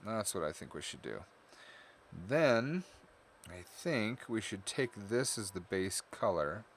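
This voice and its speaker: A man's voice: fairly low pitch, expressive, slow, a little hiss or hum. A man casually talking through his digital coloring on a live stream, tired and rambling, often correcting himself. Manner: rambling, self-correcting, chatty. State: tired, yawning. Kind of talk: casual live-stream commentary while drawing.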